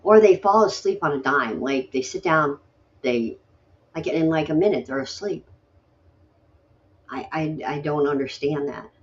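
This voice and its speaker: A woman's voice: deep voice, measured pace, long pauses, lo-fi sound. A woman hosting a late-night poetry stream, chatting casually in a rambling, grumbly, self-deprecating way. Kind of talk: casual chat.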